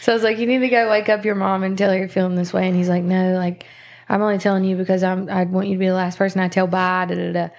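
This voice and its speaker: A woman's voice: mid-range voice, level tone, fast talker, darkish tone. A woman hosting a podcast, telling stories bluntly and swearing freely in casual chat. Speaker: podcast host.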